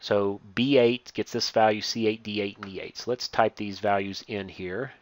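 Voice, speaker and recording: A man teaching a step-by-step software lesson, reading each instruction aloud and then explaining it as he works on screen. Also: fairly low pitch, fairly even intonation, moderate pace, no echo. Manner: reads steps aloud, then explains while clicking. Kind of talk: software tutorial walkthrough.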